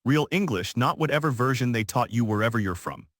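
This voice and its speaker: A man's voice: medium pitch, expressive, a little fast, no echo, studio quality, natural voice. A man doing an arrogant, condescending businessman. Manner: condescending and assertive.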